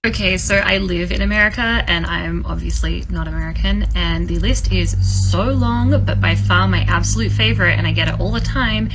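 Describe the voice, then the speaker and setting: A woman's voice: on the low side, normal speed, few pauses, over music, poor audio. A woman from Australia talking casually to camera with wry humor. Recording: noticeable background noise.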